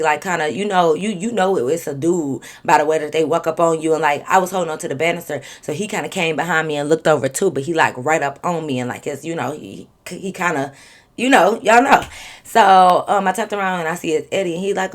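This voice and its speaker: A young woman vlogger telling a storytime story in an animated, slangy way full of profanity. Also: deep voice. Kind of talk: storytime vlog.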